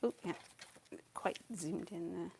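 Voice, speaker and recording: A woman chatting casually on a live stream while she paints, scattered and quick to laugh, muttering asides to herself. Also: fairly low pitch, steady tone, creaky, a little mellow, a little hiss or hum. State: a bit out of breath.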